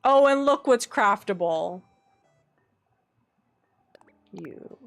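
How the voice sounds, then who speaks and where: A woman live streamer chatting casually over her game, talking to herself and her chat. She sounds playfully exasperated, swears in jest, and swings up into excited squeals. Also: medium pitch, drawn-out words, vocal fry, soft background music.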